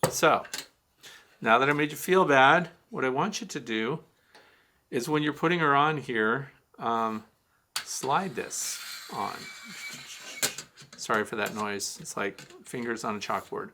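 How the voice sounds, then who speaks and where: A man's voice: mid-range voice, measured pace, pauses often, noisy background. A man hosting a beekeeping Q&A, giving a blunt, teasing hands-on demonstration of gear. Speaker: beekeeping show host.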